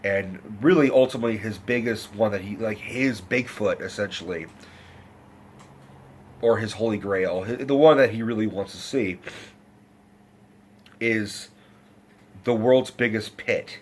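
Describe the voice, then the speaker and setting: A man giving a casual, rambling film review rant, loose and profane, jumping into pitched-up impressions of the characters. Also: unhurried, long pauses, slight background noise. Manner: profane, animated retelling with pitched-up acted quotes.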